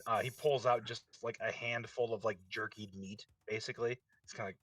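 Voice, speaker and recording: A man's voice: on the low side, steady tone, brisk, fairly bright tone, dry recording, distant mic, low-quality recording. A man playing in a tabletop game, describing his character's actions hesitantly with fillers. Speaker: player.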